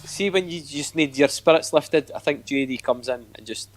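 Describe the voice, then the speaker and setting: A man's voice: fairly high pitch, normal speed, faint music behind. A man co-hosting a podcast, teasing and joking in casual banter. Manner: jokey, teasing. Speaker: podcast co-host.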